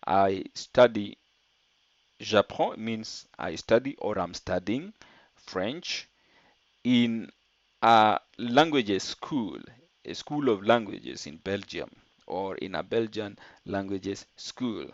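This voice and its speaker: A man's voice: fairly low pitch, animated, slow, no room sound, muffled recording. A man teaching an online French lesson, explaining step by step and translating French phrases into English.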